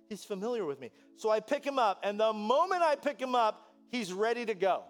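High-voiced animated male pastor. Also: a little fast, hardly any pauses, soft background music. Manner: animated storytelling, acts out voices. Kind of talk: sermon.

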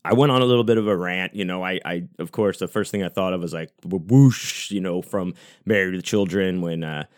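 A man's voice: deep voice, steady tone, a little fast, no echo, clean studio sound. A man hosting his podcast, talking in a loose, rambling way with casual swearing. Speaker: podcast host. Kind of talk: casual monologue.

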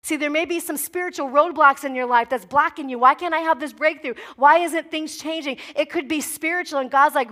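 High-voiced woman pastor preaching emphatically. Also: fairly quick, hardly any pauses, a bit bright. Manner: emphatic preaching, declaring commands with rising force. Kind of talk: sermon.

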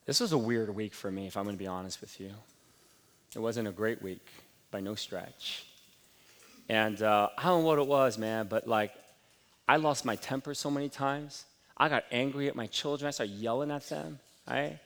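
A man's voice: medium pitch, moderate pace. A middle-aged man preaching a sermon, telling candid, self-deprecating stories about his own week. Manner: candid, self-deprecating storytelling, rising animated. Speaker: pastor. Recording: long hall reverb.

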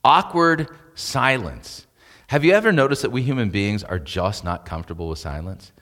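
A pastor delivers a sermon in a reverberant church, preaching conversationally and rising to emphatic peaks. His voice is lowish, sing-song and a bit bright, and he talks fast.

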